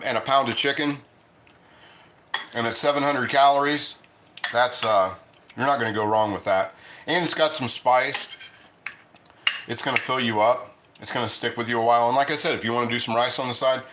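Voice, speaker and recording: A man's voice: medium pitch, brisk, noisy background. A middle-aged man hosting a casual cooking livestream, rambling and chatty, eating and talking between bites in his home kitchen. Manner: rambling, chatty, restarts often; eating and talking with mouth full. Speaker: cooking show host.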